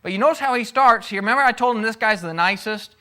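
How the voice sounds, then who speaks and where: A man's voice: high voice, quick pace, pushed and bright. A man teaching a Bible study in a conversational way, taking questions from the class and acting out the voices of the people he quotes. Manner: conversational, takes audience questions; acts out quoted speakers.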